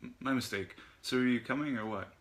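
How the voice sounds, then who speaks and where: A man's voice: medium pitch, a little fast, pitched above the performer's own voice, natural voice. A man voicing a breezy young boy coaxing his friend to come along.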